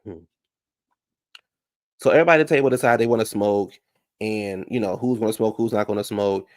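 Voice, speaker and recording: A man's voice: fairly low pitch, a little fast. A man giving a casual, blunt recap of a reality TV episode, chatty and full of asides. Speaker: reality TV commentator.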